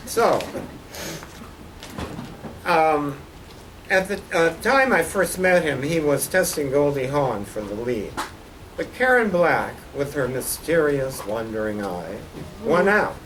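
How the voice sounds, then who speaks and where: A man's voice: a little high, very animated, takes it slowly, pauses often, fairly bright tone. An older man, a guest artist, gives a slide-show lecture about his posters with dry, wry humor. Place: college lecture hall. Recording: distant mic with faint background noise.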